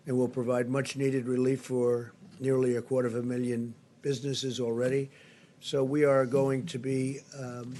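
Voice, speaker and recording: Older man, monotone, emphatic and repetitive, press briefing, podium mic. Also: medium pitch, slight background noise. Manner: repetitive, emphatic, superlative-heavy delivery. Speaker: political leader giving a briefing. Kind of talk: spoken press briefing remarks. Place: briefing room.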